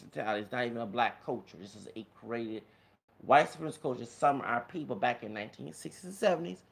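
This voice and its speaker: A man's voice: medium pitch, fast, vocal fry. A man, talking to viewers in a rambling monologue full of fillers. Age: 30s. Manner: rambling, many fillers, addresses viewers as y'all. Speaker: vlogger.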